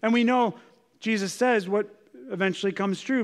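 A man with a high-pitched voice preaches an expository sermon, earnest and emphatic. He keeps turning to his listeners with rhetorical questions. His words ring out with a long reverb, as in a large hall. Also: moderate pace. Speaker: pastor.

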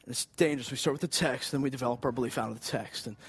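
A man's voice: medium pitch, rapid-fire, husky. A man preaching a sermon in an earnest, conversational way, rising for emphasis. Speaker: pastor.

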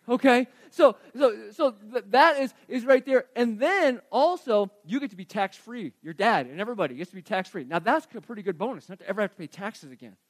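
A man with a high, light speaking voice delivers a sermon, retelling a scripture story in a casual, animated way as if chatting with his congregation. The sound is close and dry, with no room echo. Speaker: pastor.

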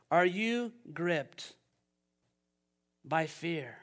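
A man preaching a sermon, telling a story and building to loud climaxes. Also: a little high, moderate pace. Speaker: pastor.

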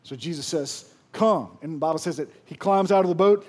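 A middle-aged man preaching a sermon, telling stories in a lively way with frequent restarts. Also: a little high, quick pace. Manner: lively storytelling with repeated restarts. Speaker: pastor.

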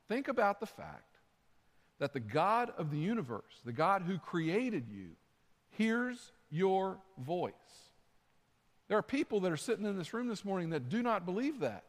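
A man's voice: high-pitched, big pitch swings, normal speed, big-room sound. A man preaching a sermon as pastor, earnest and conversational, repeating his phrases. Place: church sanctuary.

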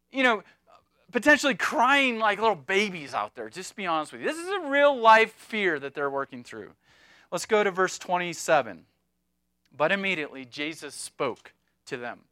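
A man preaching with a high, bright voice in an animated, chatty way, full of asides and jokes. The sound is dry and close, with no room around it. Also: a little slow, no echo. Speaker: pastor. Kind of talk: sermon.

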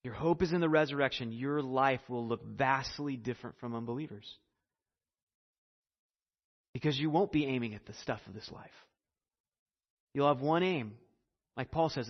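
A man's voice: mid-range voice, moderate pace, long pauses. A man preaching a sermon as a pastor, earnest and emphatic, who speaks to his congregation and leads them in prayer. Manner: earnest, building to emphasis, then hushed prayer. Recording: dull recording with long hall reverb.

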